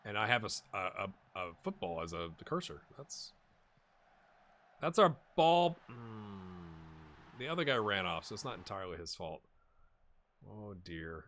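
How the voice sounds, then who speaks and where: Lively chatty man commentating a game. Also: sits low, unhurried. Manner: chatty, rambling, bursts of excitement at goals. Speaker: gaming YouTuber. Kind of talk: casual let's-play commentary.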